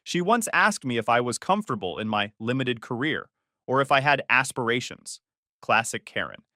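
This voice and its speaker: A man's voice: mid-range voice, expressive, normal speed, sharp tone, no echo. A man narrating a first-person story in a dry, sarcastic manner.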